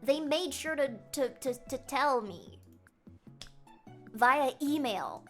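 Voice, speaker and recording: A woman's voice: high-pitched, lively intonation, slow pace, fairly bright tone, soft background music. A young woman with a light Canadian accent, chatting casually and giggling as she reacts to her stream chat.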